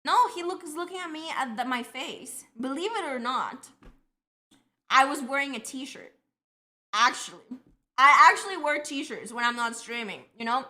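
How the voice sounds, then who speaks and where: A woman's voice: high voice, normal speed, sharp tone. A young woman with a Colombian accent, long living in Canada, chatting casually with her stream audience and telling rambling, self-deprecating stories. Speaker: livestreamer.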